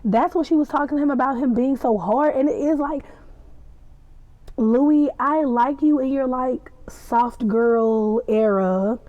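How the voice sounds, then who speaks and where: A woman giving a casual, excitable recap and reaction, chatty and acting out the scenes as she tells them. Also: high voice, a little slow, no room sound, muffled recording. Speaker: podcast reviewer.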